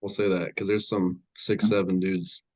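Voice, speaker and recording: A man's voice: low-pitched, flat delivery, moderate pace, a little mellow, dry recording. A teenage boy, a hesitant and modest podcast guest. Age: teens. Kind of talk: casual interview chat.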